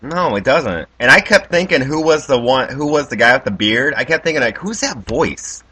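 Brief: husky, bright male voice, slightly high, dry casual commentary on a movie. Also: expressive, fairly quick. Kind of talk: casual movie review chat.

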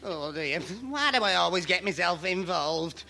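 A man's voice: high-pitched, expressive, a little slow, creaky, pushed and bright, full character voice. An actor playing a dim, anxious young man who stammers when flustered, in an old radio sitcom. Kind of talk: 1950s radio sitcom acting.

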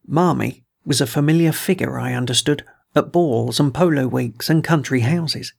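Gravelly, husky male storyteller. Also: a little high. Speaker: audiobook reader. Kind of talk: first-person storybook narration.

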